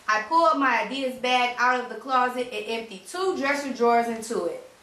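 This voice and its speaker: A woman reading a children's storybook aloud in a clear, expressive narration. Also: on the high side, brisk. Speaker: reader. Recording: roomy, distant mic.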